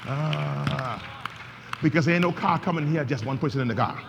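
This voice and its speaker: A pastor whose voice is a little high and touched with vocal fry preaches at a moderate pace, drawing call-and-response from his congregation. The sermon echoes with long reverb in the church sanctuary, faint noise underneath.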